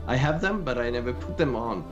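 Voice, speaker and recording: A man co-hosting a casual livestream chat, thoughtful and technical, with soft reactions. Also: medium pitch, lively intonation, a little fast, dull audio. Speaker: co-host. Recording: clear music behind.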